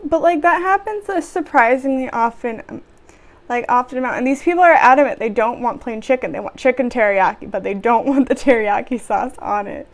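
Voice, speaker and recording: A woman's voice: fairly high pitch, brisk. A young woman vlogger telling work stories in a casual chat, sarcastic and exasperated, with sighs.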